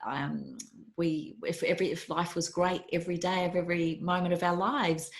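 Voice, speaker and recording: A woman's voice: lowish voice, steady tone, normal speed, creaky. A woman in her fifties, a podcast guest, telling stories in an earnest, emphatic way. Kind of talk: conversational interview.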